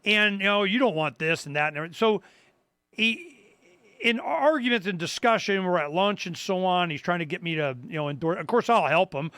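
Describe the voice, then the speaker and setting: An older man hosting a talk radio show, his voice high and bright. He tells a story in a loose, rambling way, restarting his sentences and acting out the people he quotes. The sound is close and dry, with no room around it. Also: expressive, fairly quick, clean tone, no room sound. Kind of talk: casual talk-radio monologue.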